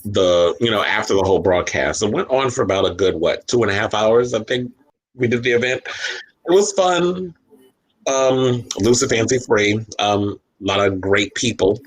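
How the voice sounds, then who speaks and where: A man's voice: fairly low pitch, moderate pace, low-quality recording. A man hosting a podcast on a live stream, talking in a loose, chatty way with lots of fillers, a little tipsy. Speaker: podcast host. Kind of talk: casual live-stream chat. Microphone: desk microphone.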